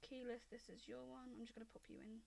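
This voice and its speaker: A woman narrating as game master of a tabletop game in a relaxed, chatty way. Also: a little high, fast talker, vocal fry.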